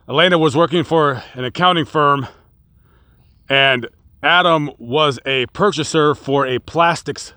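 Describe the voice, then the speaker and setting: A man recounts a true crime case in a casual vlog style, outdoors on location. His delivery is dramatic and builds excitement as he acts out the quotes. His voice is bright and forceful, and sits slightly high. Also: no room sound.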